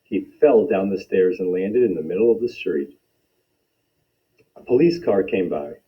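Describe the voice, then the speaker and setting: A man reading a children's picture book aloud with expressive, animated storytelling. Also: sits low, a little slow. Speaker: storytime reader. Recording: dull lo-fi recording.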